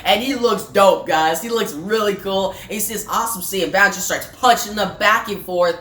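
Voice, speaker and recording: A woman casually recapping a comic issue in an excited, chatty way, in a roomy room with faint music. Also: medium pitch, normal speed, a little hiss or hum. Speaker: comic book reviewer.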